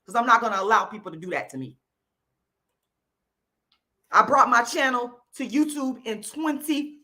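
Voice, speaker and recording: Woman vlogger, fiery profane rant, bright and forceful tone, higher-pitched voice. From Florida, US. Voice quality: loud, profane, repetitive emphatic delivery. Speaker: YouTube channel host. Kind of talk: angry direct-to-camera rant.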